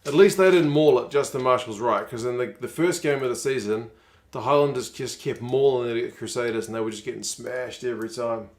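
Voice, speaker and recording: A man's voice: mid-range voice, steady tone, brisk, few pauses. New man, thirties, casual stream chat, wry and chatty. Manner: chatty, wry, reads out viewer comments. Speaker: rugby watchalong streamer.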